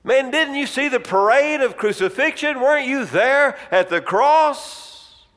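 An incredulous ancient traveler, put on by a man preaching, rattling off emphatic questions. His voice sits high and swings widely. It rings in the long reverb of a large hall. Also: lively intonation, moderate pace, lightly acted.

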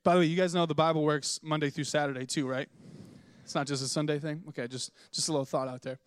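Energetic young male pastor preaching. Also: fairly high pitch, fast, clean tone. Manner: animated storytelling, acts out voices in anecdotes. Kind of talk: sermon. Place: church sanctuary.

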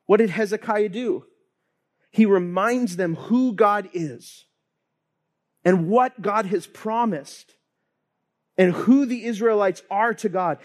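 A pastor in his thirties, high-pitched, preaches a sermon to his congregation, animatedly telling stories and acting out the voices of the people he quotes.

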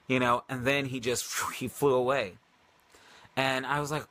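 Bright-voiced man telling a rambling story. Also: mid-range voice, moderate pace, no echo. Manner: rambling and animated, with many fillers and restarts. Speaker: livestream host. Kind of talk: casual storytelling.

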